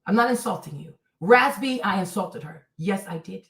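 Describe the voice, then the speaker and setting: A woman's voice: medium pitch, expressive, moderate pace, vocal fry, a bit bright, echoey room, far from the mic, poor audio. A woman livestreaming commentary, reading and answering her chat in a blunt, scolding way, repeating her points.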